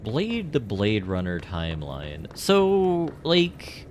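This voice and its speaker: A man's voice: low voice, expressive, unhurried, a little hiss or hum. A man streamer giving casual live gameplay commentary, rambling and joking with lots of fillers. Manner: rambling and jokey, heavy on fillers.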